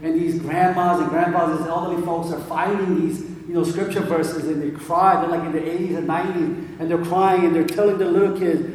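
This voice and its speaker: A man's voice: on the high side, steady tone, fairly quick, hardly any pauses, darkish tone, slight background noise. A man preaching a sermon in a casual storytelling way, full of fillers, in a large church hall. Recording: echoey hall from far off.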